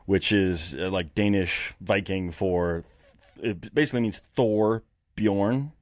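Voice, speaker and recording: A man hosting a podcast, chatting casually with quick, eager reactions and joking asides. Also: low-pitched, no echo. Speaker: podcast host.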